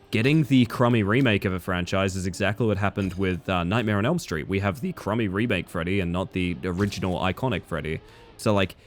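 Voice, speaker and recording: A young man streaming a game live, chatting casually with viewers and swearing freely. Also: on the low side. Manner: casual and profane, reading and answering chat. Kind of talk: casual live-stream chat while gaming.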